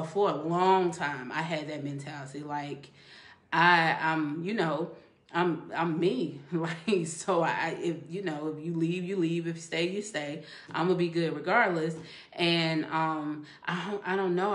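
Laid-back woman host, low voice, echoey room. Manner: relaxed, laughs often, reads comments aloud. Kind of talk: casual chat on a live stream.

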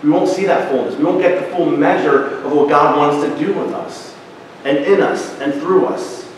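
A man's voice: fairly high pitch, slight background noise. A man preaching a sermon as pastor, in a conversational way with asides and restarts. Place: church sanctuary. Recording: echoey church hall from a distance.

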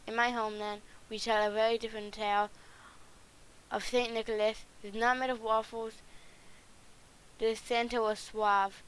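A woman's voice: fairly high pitch, level tone, normal speed, pauses often, fairly bright tone, clear, resonant tone, close to an everyday voice, rough recording. Puss, a woman reading as a suave cat. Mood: boastful. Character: suave swashbuckling male cat.

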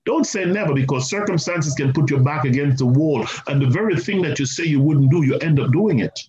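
A male pastor preaching a sermon, animated and repetitive, with asides to the congregation. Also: on the high side, brisk. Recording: roomy, slightly muffled church recording.

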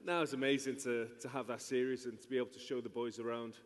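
A man from Wales with a Welsh accent, a rugby player answering on stage in a good-humoured, relaxed way. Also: mid-range voice, quick pace. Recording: long reverb in a big hall.

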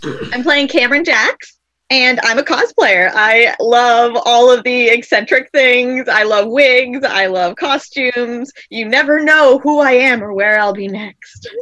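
A woman's voice: on the high side, a little slow, pushed and bright. A woman voicing an eccentric cosplayer who talks in a playfully mysterious way.

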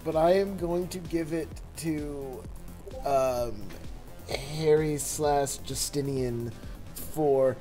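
Very slow, low-voiced woman player. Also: dark tone, soft background music, low-quality recording. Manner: laughs often, hesitant with "um"s. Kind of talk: casual chat among players.

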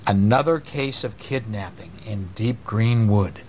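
A man's voice: medium pitch, unhurried, few pauses, dull audio, slight background noise. A man reading bedtime stories aloud to his child at home, playful and chatty, stopping to talk with the child. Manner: playful, animated, talks to the child.

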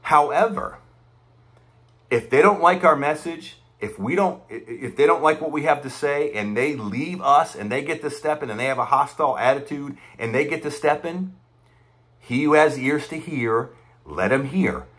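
A man's voice: fairly high pitch, normal speed, a bit bright. A man giving impassioned, conversational preaching commentary, repeating his points with emphasis. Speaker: online preacher commenting on church news.

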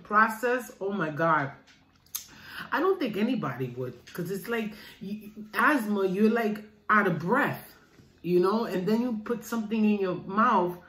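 Slow-talking middle-aged woman, roomy sound. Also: on the low side. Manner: chatty, calls viewers "guys". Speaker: mukbang vlogger. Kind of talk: casual chat to viewers while eating. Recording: roomy room with faint noise.

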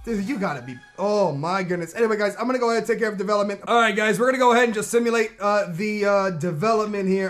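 High-voiced excitable man over faint game music. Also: racing, hardly any pauses. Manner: excitable, shouts at the game, slangy. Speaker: gaming commentator. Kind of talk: game commentary.

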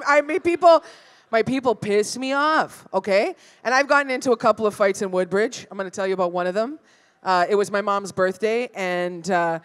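A woman doing a stand-up set at a live venue, brash and profane, teasing the crowd. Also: on the high side. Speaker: stand-up comedian.

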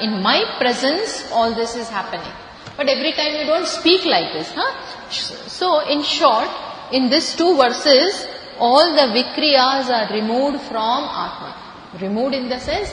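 A woman's voice: high-pitched, a bit bright, slight background noise. Indian woman teaching scripture in a hall. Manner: explanatory, repeats key words, light laughs. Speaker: spiritual teacher. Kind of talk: scripture lecture. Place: lecture hall. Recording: echoey hall, faint ambience.

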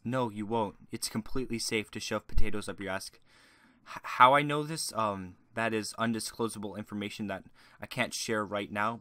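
Crude young man, bright dry voice. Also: on the low side, no echo. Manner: crude, rambling, shifts between shouting rants and mumbling. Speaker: YouTuber. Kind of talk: joke Q&A monologue.

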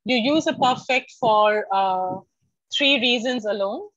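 Indian english woman teaching online, expressive, fairly high voice, dry dull lo-fi call audio. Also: slow pace, no echo. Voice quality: lively and expressive, switching into Hindi for everyday examples. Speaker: lecturer. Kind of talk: online university lecture.

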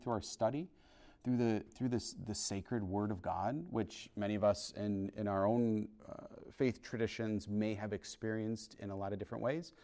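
Midwest priest guy, low mellow voice, stops and restarts a lot, earnest. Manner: halting, restarting, earnest storytelling. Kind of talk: informal testimony to a parish class. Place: parish hall.

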